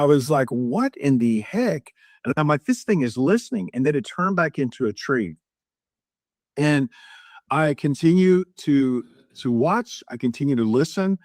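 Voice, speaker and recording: The middle-aged podcast guest, his pitch now medium, keeps up his animated retelling of a long story, voicing the dialogue with changes in tone. The studio recording is clean, with no echo.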